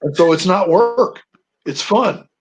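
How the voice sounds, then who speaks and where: An older man speaks as a guest on a radio show. His voice sits a bit high for a man. He tells his stories with lively stress on key words. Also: slow pace, rough recording. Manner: storytelling, animated emphasis on words. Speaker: guest, veteran. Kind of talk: radio interview.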